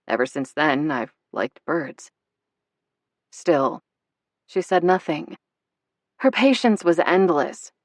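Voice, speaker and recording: A woman narrating a novel in a measured, expressive way. Her voice sits low, and the recording is dry and close with no room sound. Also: no echo. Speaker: audiobook narrator. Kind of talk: scripted narration.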